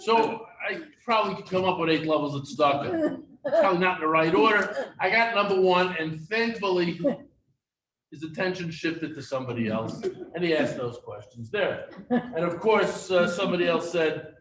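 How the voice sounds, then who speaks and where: A middle-aged man delivers a eulogy in a synagogue hall, sharing funny personal stories about the departed. His voice is high-pitched and animated, fairly bright in tone, and moves at a normal speed. The recording picks him up from a distance in the echoey hall, with faint noise underneath.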